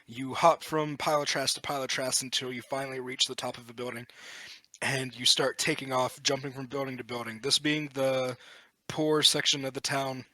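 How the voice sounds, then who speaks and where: A man narrates as game master, describing scenes and calling for dice rolls with relaxed good humor. His voice is bright, the sound is dry, and he has the pace of an easy storyteller. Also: medium pitch, normal speed, no room sound.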